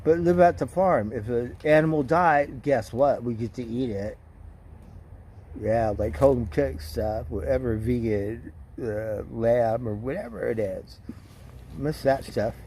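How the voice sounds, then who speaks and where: A man's voice: mid-range voice, measured pace, darkish tone, a little hiss or hum. A man casually chatting with his stream viewers, telling rambling, profane stories. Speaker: livestream host.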